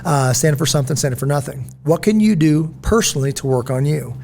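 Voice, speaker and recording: A middle-aged man with a slightly raised pitch hosts a relaxed conversation, spinning stories and slipping into the voices of people he quotes. A faint hum sits under the recording. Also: a little fast, creaky. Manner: storytelling, animated, acts out quotes. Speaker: podcast host. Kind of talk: casual conversation.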